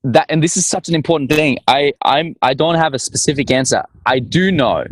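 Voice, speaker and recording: A man speaking as a guest in a conversation, telling stories in a playful, animated way and acting out little scenes. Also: on the high side, a little fast, no room sound. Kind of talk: conversational storytelling.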